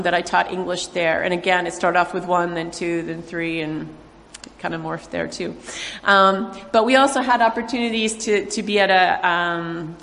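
A woman, a missionary, speaks to a church congregation in a halting way, with many fillers. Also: lowish voice, fairly bright tone. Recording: long reverb of a large hall.

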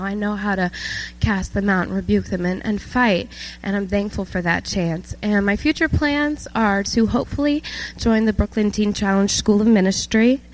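A nineteen-year-old woman from South Georgia stands up in church to give her testimony. She speaks earnestly and with emotion, pausing on fillers, at a middling pitch. A faint hum sits under the recording. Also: rough recording. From South Georgia, USA. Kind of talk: personal testimony.

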